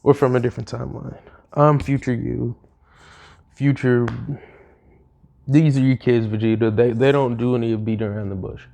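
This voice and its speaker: Gravelly young man rambling through a story. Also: medium pitch, little pitch movement, dark tone. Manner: rambling, fast, slangy with fillers. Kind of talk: casual retelling of a fan story.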